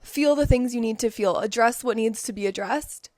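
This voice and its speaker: A young woman hosting a casual motivational talk from home, emphatic, repeating key words and dropping into soft asides. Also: a little high, moderate pace, no echo, studio quality. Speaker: host.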